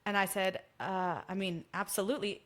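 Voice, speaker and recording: A woman, chatting casually as a musician guest and telling a story with lively acted-out dialogue. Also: mid-range voice, moderate pace. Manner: animated storytelling, acts out quoted dialogue. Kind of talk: casual chat.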